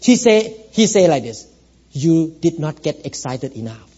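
A pastor with a notably high, very animated voice preaches an earnest, personal sermon to his congregation at a moderate pace. He drops into hushed storytelling, then climbs into loud exhortation, calling for amens, and the recording is dull and lo-fi.

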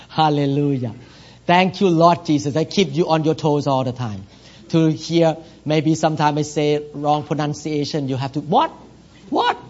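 A high-voiced man preaches with a foreign accent, leading his congregation in plain, broken English. He rises into loud, emphatic declarations. The recording is dull and lo-fi. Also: fairly even intonation, a little slow. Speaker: pastor. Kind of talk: sermon.

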